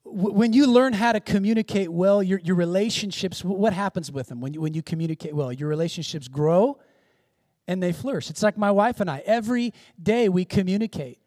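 A male pastor delivers a sermon in a notably high voice. He moves between hushed, intimate passages and loud, emphatic exclamations. The recording is dry and close, with little room sound. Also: fairly quick, dry recording. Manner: dynamic preaching, swinging from hushed to loud exclamations. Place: church in Seattle.

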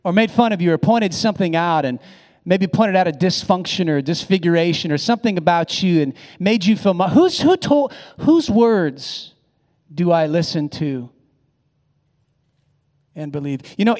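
A man's voice: high voice, lively intonation, normal speed, a little mellow, long reverb tail. A pastor delivering a sermon. He preaches emphatically, with phrases that rise and swell, and he often repeats or restarts words.

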